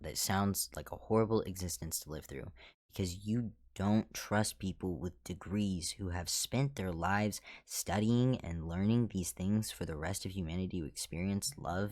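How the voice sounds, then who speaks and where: A deep, low-pitched man tells stories from his hotel housekeeping job in a casual storytime vlog. He is blunt and sarcastic and swears freely.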